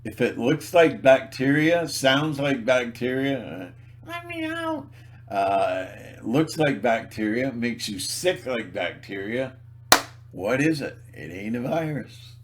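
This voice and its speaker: Brief: slow-talking man rambling theatrically to camera, mid pitch. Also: expressive, slight background noise. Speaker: video blogger. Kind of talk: rambling monologue.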